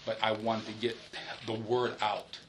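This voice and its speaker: A man, a police supervisor, recounts a shooting in detail during a formal interview, in halting runs with restarts and a polite "yes, sir.". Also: lowish voice, completely flat delivery, fairly bright tone, a little hiss or hum. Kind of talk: recorded investigative interview.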